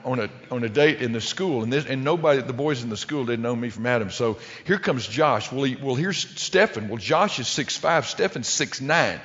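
A man's voice: mid-range voice, fairly bright tone. Middle-aged male preacher, folksy storyteller, full of restarts; dull recording with long reverb. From American Midwest. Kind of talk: humorous sermon story.

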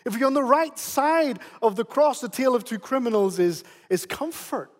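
Pastor guy preaching, high voice, keeps repeating himself for emphasis, lots of hall echo. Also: expressive, normal speed. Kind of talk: sermon. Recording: long hall reverb.

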